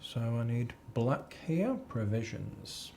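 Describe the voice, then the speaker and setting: A man's voice: medium pitch, expressive, takes it slowly, vocal fry, warm tone, slight background noise. A man teaching an accounting exam class, chatty and repeating key phrases as a drill. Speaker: accounting tutor. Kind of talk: live exam tuition lecture.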